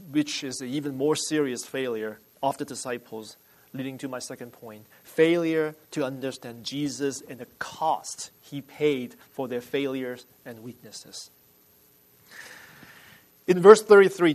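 A male pastor preaching a sermon in a somewhat high voice. He speaks emphatically and deliberately, and he repeats phrases for weight. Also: low-quality recording.

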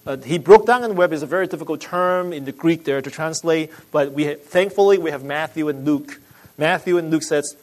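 Male pastor, sermon delivery, higher-pitched voice, urgent emphatic swells and quiet asides, conversational with restarts. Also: fairly quick, poor audio. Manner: restarts and fillers, explaining scripture conversationally.

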